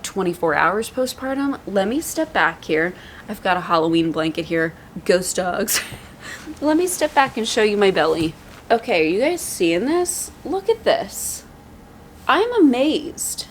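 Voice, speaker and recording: A young woman chatting to her camera at home, candid and talkative, with a slightly low voice. She sounds worn out and laughs easily between thoughts. A faint hiss sits under the recording. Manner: chatty and candid, laughs often, rising excitement. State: exhausted. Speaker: vlogger. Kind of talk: casual chat. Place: at home, indoors. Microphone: vlogging microphone.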